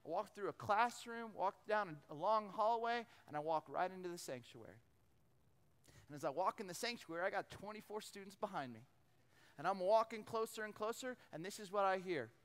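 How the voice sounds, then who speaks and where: Guy telling stories from the pulpit, high-ish voice, big church echo. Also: moderate pace. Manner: animated storyteller, acts out voices, stammers and repeats. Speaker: preacher. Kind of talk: storytelling sermon. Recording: long hall reverb.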